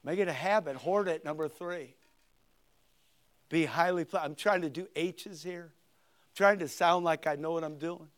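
Older male pastor, high voice, animated sermon delivery with loud emphatic points and soft asides. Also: normal speed. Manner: animated preaching, swinging between loud emphatic lines and quiet asides.

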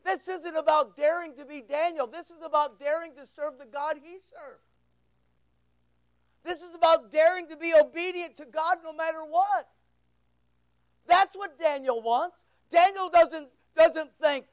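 High-voiced impassioned preacher. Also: measured pace, no room sound. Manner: impassioned and emphatic, swinging between loud and hushed. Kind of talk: sermon.

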